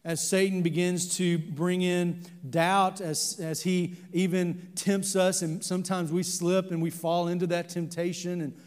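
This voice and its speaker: Brief: earnest male pastor, sermon delivery, fairly high voice, halting with fillers, big echoing sanctuary. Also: level tone, a little mellow. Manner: earnest, with many fillers and restarts. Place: church sanctuary. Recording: long church reverb.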